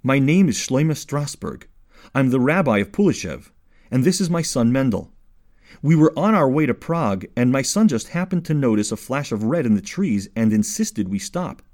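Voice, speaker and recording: A kindly middle-aged rabbi in an audiobook, gentle and reassuring, as a man reads him. He soothes with an even, unhurried warmth and a lively rise and fall in pitch. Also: natural voice.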